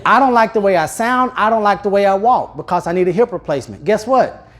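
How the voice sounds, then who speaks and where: A man leading a live sales seminar in a training room, addressing the audience with questions and deliberately speeding up, slowing down, and shifting his volume. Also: sits high. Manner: energetic, speeds up and slows down, louder and softer on purpose. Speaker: real estate sales trainer.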